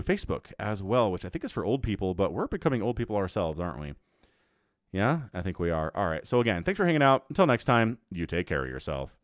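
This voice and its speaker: A man giving solo commentary on a strategy game as a shoutcaster, excitable and animated. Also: mid-range voice, no echo. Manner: excitable and animated, breaks into laughs. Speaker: StarCraft shoutcaster.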